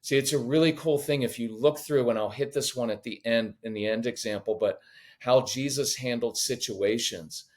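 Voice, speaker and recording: A man speaks at normal speed in a medium-pitched voice on a parenting podcast. His teaching is lively and conversational, with animated quoted voices and an occasional joke.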